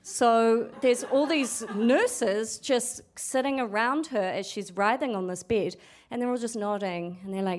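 A woman's voice: medium pitch, lively intonation, brisk, few pauses, a little mellow. A young adult woman telling a true story at a storytelling event, frank and sweary, acting out what people said. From New Zealand. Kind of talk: live storytelling.

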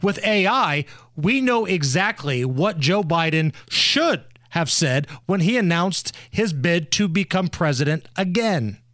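A man's voice: high voice, animated, a little slow, a bit bright. A man co-hosting a radio show in a studio, teasing and wry in casual banter. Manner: wry, teasing, gives the weather and station breaks. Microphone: studio microphone.

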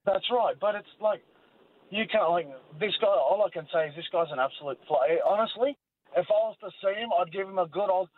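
A man's voice: high-pitched, brisk. A man calling in to a radio show, blunt and emphatic. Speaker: caller. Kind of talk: phone-in call. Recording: tinny phone line with faint hiss.

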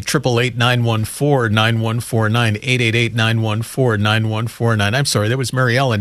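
A man's voice: medium pitch, a bit bright, no echo. A man hosting a call-in radio show in an earnest, upbeat way, greeting callers and asking about their stories. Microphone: studio microphone.

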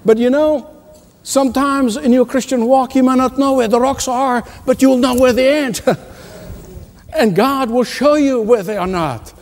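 A man delivers a sermon in a notably high voice, pressing his points through repetition and little chuckles. The sound carries a long reverb, as if from a large hall. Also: animated, normal speed, a little mellow, slight background noise. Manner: emphatic preaching with repetition and chuckles. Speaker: pastor.

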